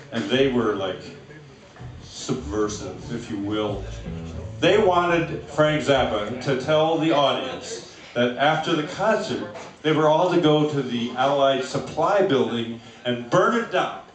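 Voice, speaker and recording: An older man in a band, telling a rambling story between songs at a concert, with halting pauses and fillers. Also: medium pitch. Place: concert venue stage. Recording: echoey live hall from far off.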